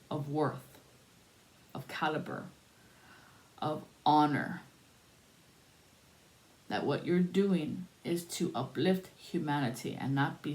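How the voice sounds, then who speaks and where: Slow, low-voiced woman telling a spiritual story. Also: a little mellow. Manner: slow, soothing, drawn-out phrasing with pauses.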